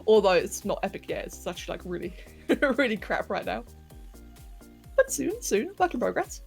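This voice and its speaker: A woman's voice: mid-range voice, big pitch swings, normal speed, creaky, soft background music. A young woman chatting casually with viewers on a game livestream, giggling often as she works. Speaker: game streamer. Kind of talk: casual livestream chat while playing a game. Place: home bedroom.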